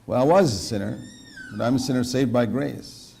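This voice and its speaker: Male preacher, mellow and dark tone, earnest, quotes verses, challenges listeners with questions. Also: medium pitch, lively intonation, normal speed, creaky, slightly rough. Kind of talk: sermon.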